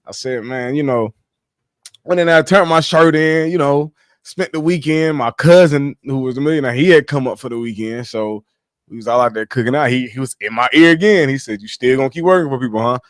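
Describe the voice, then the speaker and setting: A man on a casual livestream, telling his life story in animated slang, swearing freely. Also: mid-range voice, brisk, dry recording, clean studio sound.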